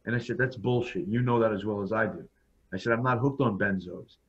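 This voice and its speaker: A podcast guest with a lowish, breathy-edged voice tells his own story briskly in a casual interview. He's blunt and frank, often circling back to restart a thought, and the audio is dull and lo-fi, its top end shaved off.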